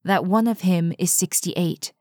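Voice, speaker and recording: A woman reading aloud, voicing an impatient, gruff man who speaks in a curt, scornful, demanding way. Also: on the low side, unhurried, darkish tone, no echo, clean studio sound, natural voice.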